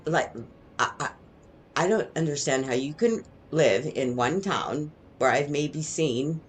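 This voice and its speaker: A woman's voice: rumbling low, slight background noise. A middle-aged woman telling stories from her past in a casual, rambling way, often tagging her sentences with "right?". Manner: rambling, digressive, lots of "right?" tags. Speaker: vlogger. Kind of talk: casual storytelling monologue.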